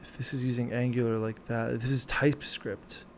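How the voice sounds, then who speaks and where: Gravelly man muttering while he codes. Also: medium pitch, level tone, a little hiss or hum. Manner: muttering to himself, halting and self-questioning. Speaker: programmer streaming live. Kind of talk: thinking aloud during a live coding stream.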